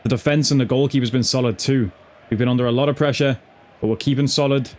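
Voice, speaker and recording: In his gameplay commentary, a gaming YouTuber curses constantly and talks slang, addressing everyone as "lad" while playing football. His medium-pitched voice is slightly mellow, fairly even in intonation, and fast.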